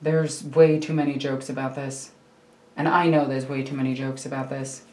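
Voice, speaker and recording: Low-voiced chatty woman in echoey room. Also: flat delivery, normal speed, dark tone. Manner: chatty, rambling, self-mocking. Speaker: miniature hobby streamer. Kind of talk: casual build commentary. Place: home hobby room. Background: faint computer hum.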